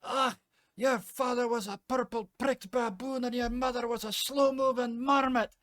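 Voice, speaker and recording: A man voicing a huge, gruff, red-bearded man with a thick Scottish accent who curses and shouts bluntly. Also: extremely high pitch, steady tone, moderate pace, voice pushed up. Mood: furious. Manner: shouting, cursing, brash.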